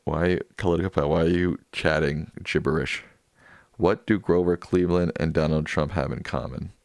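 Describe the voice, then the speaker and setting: With a deep, darkish voice and fairly even intonation, this American livestream host chats casually through an after-show, reading out viewers' comments and replying offhand. He speaks at a normal speed, and the audio is studio quality with no room sound.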